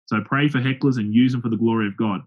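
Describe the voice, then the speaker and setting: Male pastor, animated storyteller, a little raspy, muffled lo-fi audio. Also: mid-range voice, fast talker. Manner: lively anecdotal storytelling with acted-out quotes. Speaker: pastor and open-air preacher. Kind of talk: telling stories in an interview. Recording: dull lo-fi sound.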